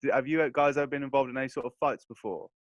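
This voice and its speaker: A young man, telling stories in a slangy, animated way during a casual podcast chat. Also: mid-range voice, rapid-fire, muffled recording, a crowd in the background. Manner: animated storyteller, slangy, laughs through his telling. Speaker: podcast co-host.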